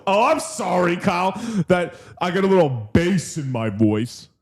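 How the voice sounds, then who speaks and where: A young man with a slightly raised voice riffs on a livestream, rambling and heavily profane. He jumps from joke to hype with restless, excitable energy, talking like he's hanging out with friends. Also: high voice, unhurried. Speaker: crypto stream host. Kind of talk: casual livestream chat.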